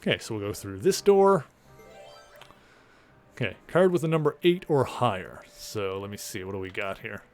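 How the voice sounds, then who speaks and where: A man streaming a video game, chatting casually in a rambling way, full of fillers and the odd swear word. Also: medium pitch. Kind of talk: casual gameplay commentary.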